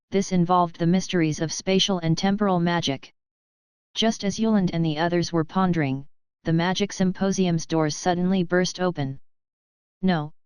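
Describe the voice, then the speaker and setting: Clear, steady woman reading a novel. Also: fairly low pitch, no room sound, low-quality recording. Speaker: audiobook narrator. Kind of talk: scripted narration.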